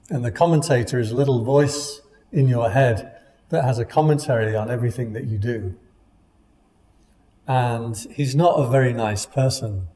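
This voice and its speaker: Mellow-voiced man teaching meditation in a reverberant hall. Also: medium pitch. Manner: calm, conversational, gently humorous. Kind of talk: dharma talk to a meditation class. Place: meditation class room.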